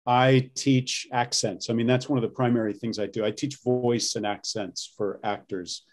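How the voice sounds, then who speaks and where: This is a man talking in a casual interview about coaching actors on voice and accents. His voice sits at an ordinary pitch, and he works through each point step by step with plenty of ums and self-corrections. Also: steady tone, moderate pace. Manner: explains step by step with frequent ums and restarts.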